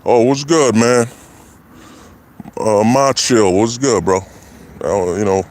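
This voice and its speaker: A man's voice: fairly low pitch, takes it slowly, pauses often, darkish tone, slight background noise. A man hosting a livestream, giving a preachy, repetitive casual monologue. He keeps asking his listeners whether they follow him. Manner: preachy, repetitive, keeps asking "you know what I'm saying". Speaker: livestream host.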